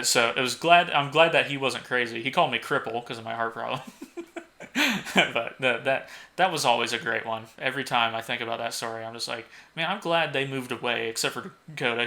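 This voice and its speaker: Bright-voiced young man telling stories. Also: medium pitch. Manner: swears freely, laughs at own stories, acts out quoted lines. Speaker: podcast co-host. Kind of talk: casual storytelling.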